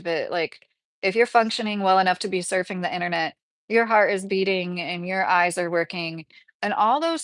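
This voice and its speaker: A livestream host with a Kentucky accent chats casually and ramblingly, leaning on lots of fillers. Her medium-pitched voice comes through with no room sound.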